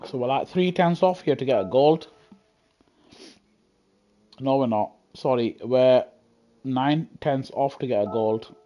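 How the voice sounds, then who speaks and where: A man's voice: medium pitch, measured pace, pauses often, dull audio. A man giving slangy, chatty live commentary while streaming a racing game on a headset mic, talking to himself and to his viewers. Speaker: gaming streamer. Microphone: gaming headset.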